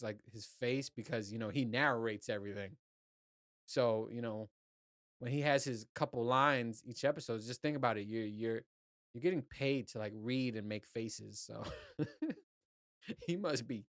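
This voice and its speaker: A man's voice: medium pitch, a bit bright, no room sound, clean studio sound. A man hosting his own podcast, talking in a loose, rambling and profane way. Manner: rambling, profane, laid-back. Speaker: podcast host. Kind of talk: casual solo podcast monologue.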